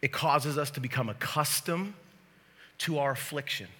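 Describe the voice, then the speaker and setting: A man's voice: fairly high pitch, moderate pace, breathy edge. A man preaching a sermon as pastor in a church, joking with the crowd and speaking to them directly. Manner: lively, joking, talks straight to the crowd. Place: church sanctuary. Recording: long hall reverb.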